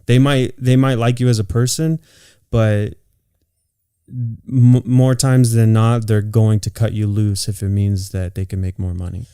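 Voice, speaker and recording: A man's voice: on the low side, little pitch movement, unhurried, warm tone, smooth, dry recording, clean studio sound. A man from California, co-hosting a podcast and telling work stories in a loose, profane way with lots of "like" fillers. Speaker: podcast co-host. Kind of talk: casual chat.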